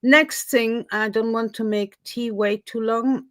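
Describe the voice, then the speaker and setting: A woman's voice: a little high, steady tone, takes it slowly, no room sound. A woman with a Swiss French accent, a native French speaker, hosting a casual live-stream interview with chatty, hesitant talk and frequent laughs. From Switzerland.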